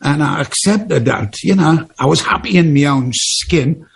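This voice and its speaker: A man's voice: a little high, animated, unhurried, gravelly, husky. A man in his seventies with a Geordie accent, telling stories in a chatty, rambling way and laughing often during an interview. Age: 70s. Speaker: interview guest, singer. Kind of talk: casual interview storytelling.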